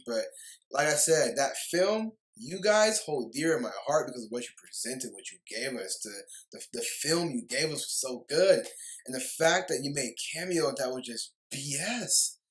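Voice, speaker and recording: In a ranting video review, a young man delivers a heated, rambling take on a movie, repeating himself, tripping over words, and apologizing often. His voice sits at a medium pitch, and the recording is low quality.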